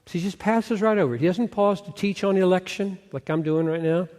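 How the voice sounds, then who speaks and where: A man's voice: high voice, fairly quick, a little mellow. A man giving an earnest Bible teaching lecture, asking rhetorical questions and restarting phrases as he thinks aloud. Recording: long hall reverb.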